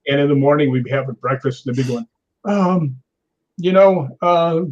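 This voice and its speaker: A man in his sixties with a voice on the high side speaks at a measured pace over a low-quality recording with a little hiss or hum. A stuntman guesting on a storytelling interview, he tells animated stories, acts out quotes, and laughs frequently.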